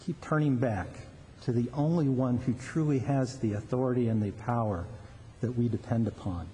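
A man's voice: mid-range voice, normal speed, warm tone. Earnest male pastor in reverb. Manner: earnest, often repeats words as he restarts. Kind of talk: sermon. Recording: long reverb with faint background noise.

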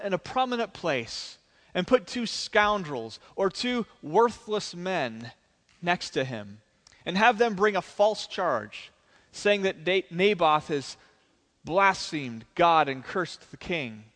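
A man's voice: high voice, big pitch swings, takes it slowly, a bit bright, big-room sound, heavily acted. A man doing a bossy scheming queen. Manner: bossy, commanding.

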